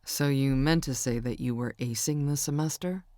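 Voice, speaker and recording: A woman narrating an audiobook who voices a young male country singer, soft-spoken and teasing. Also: rumbling low, normal speed, no room sound, voice pushed down.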